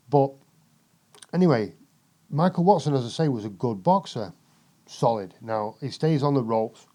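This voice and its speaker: British male guest, casual storyteller, foul-mouthed and animated, mellow tone. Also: medium pitch. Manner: profane, animated, lots of swearing. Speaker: podcast guest.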